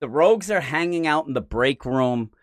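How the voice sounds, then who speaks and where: A man co-hosting a comic book podcast, chatting casually, acting out characters in quick voices and swearing freely. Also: fairly high pitch, expressive, no echo, studio quality. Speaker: podcast co-host. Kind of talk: casual comic review chat.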